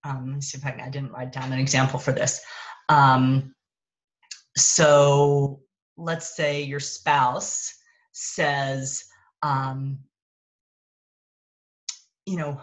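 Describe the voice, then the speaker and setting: A woman with a low voice gives a casual parenting talk over a phone mic. She thinks out loud, stops to rephrase, and keeps a relaxed, conversational flow. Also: slow pace, long pauses, poor audio. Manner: conversational, thinks aloud and corrects herself. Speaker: parenting coach. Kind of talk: casual teaching talk on a live stream.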